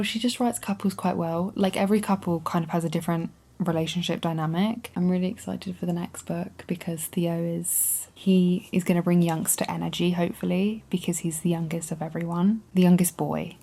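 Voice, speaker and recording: A woman's voice: lowish voice, gravelly, warm tone. A woman chatting casually and candidly in a reading vlog, talking straight to her camera. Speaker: book vlogger.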